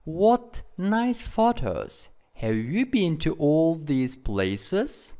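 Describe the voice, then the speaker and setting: Schoolgirl line-reading in a textbook dialogue, read by a male teacher; plain, slightly raised pitch. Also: wildly swooping pitch, extremely slow, dark tone, heavily acted.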